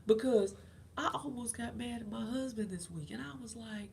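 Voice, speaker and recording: A woman's voice: fairly high pitch, moderate pace, gravelly, darkish tone, slight background noise. A middle-aged woman hosting her own channel, talking casually and encouragingly about faith to her viewers and often repeating her points. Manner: conversational and encouraging, repeats phrases. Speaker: host.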